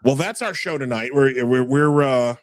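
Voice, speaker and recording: A man's voice: medium pitch, normal speed, dry recording, clean studio sound. A man with a New York accent hosting a casual livestream, brash and stammering as he reads chat aloud. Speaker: podcast host.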